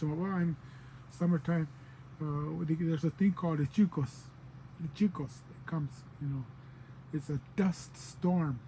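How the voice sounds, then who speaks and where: A man's voice: a little high, mellow, slight background noise, rough recording. A man teaching words of his native language in a loose, digressive way, with many fillers and playful quoted voices. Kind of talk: informal spoken language lesson.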